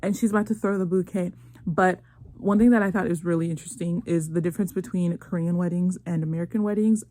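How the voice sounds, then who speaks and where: A woman's voice: lowish voice, fairly even intonation, quick pace, mellow. A young woman hosting her own show, animatedly retelling a drama in casual chat with sassy asides. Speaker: host recapping a drama.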